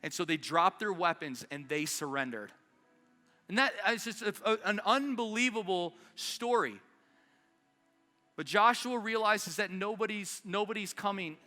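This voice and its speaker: A pastor delivers an impassioned sermon at a church service in South Denver, sending out urgent rallying calls to push his congregation forward. His high voice is pushed and bright at a measured pace, echoing in a large hall with faint music behind.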